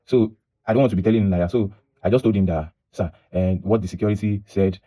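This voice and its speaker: Fast-talking Nigerian man telling a story. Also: fairly low pitch, steady tone, dark tone. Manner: rambling, restarts and repeats himself, mixes in Pidgin. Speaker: vlogger. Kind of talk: casual storytelling monologue.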